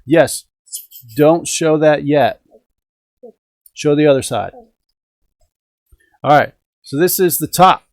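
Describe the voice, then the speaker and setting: A man's voice: fairly high pitch, slow, long pauses, no room sound. A middle-aged man hosting a hobby live stream from home, chatting casually and upbeat with viewers and the chat. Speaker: host of a radio-control hobby live stream. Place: home indoors.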